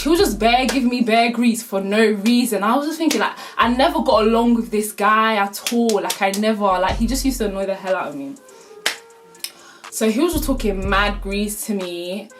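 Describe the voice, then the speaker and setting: A young woman telling a casual storytime, full of slang and swearing, with laughs through the telling. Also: mid-range voice. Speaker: vlogger.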